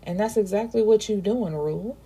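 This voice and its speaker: A woman book reviewer casually recapping a novel, chatty and emphatic, reacting out loud to the story. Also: mid-range voice, brisk, husky.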